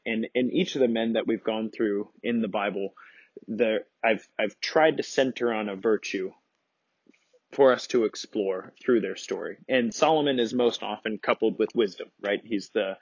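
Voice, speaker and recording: A man's voice: fairly low pitch, husky, no room sound, dull audio. A man hosting a podcast, casually teaching a Bible study with rambling asides and many restarts.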